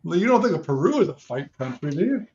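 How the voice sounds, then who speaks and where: A man's voice: a little high, very animated, fast, a little mellow, a little hiss or hum. A man co-hosting a talk radio show, rambling and joking in casual chat. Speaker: radio co-host. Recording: dull muffled audio.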